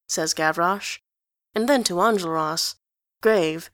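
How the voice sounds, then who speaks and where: A woman narrating a story aloud in an even storytelling delivery. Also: fairly low pitch, moderate pace, dry recording, clean studio sound. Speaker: reader.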